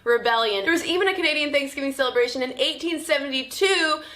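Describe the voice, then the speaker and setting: A woman with a high, bright, lively voice runs a comedic vlog. She is playful and jokey, slipping in sarcastic asides. Her delivery is quick and upbeat, with a crisp, forward edge. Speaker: video host.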